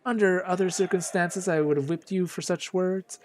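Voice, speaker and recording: A man's voice: high voice, fairly even intonation, normal speed, a little hiss or hum, voice pushed up, lightly acted. A man reading aloud the lines of an arrogant, dismissive male nobleman, stumbling now and then over the words. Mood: haughty.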